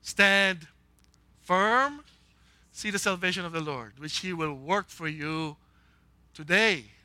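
A male pastor preaching an animated, humorous sermon and acting out quoted voices. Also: high voice, slow, no echo.

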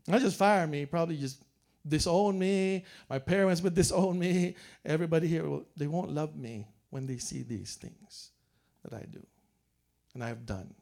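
A man's voice: on the high side, creaky, a little mellow. A man preaching a sermon as a pastor, telling family stories in a joking, chuckling way. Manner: joking storyteller, chuckles often.

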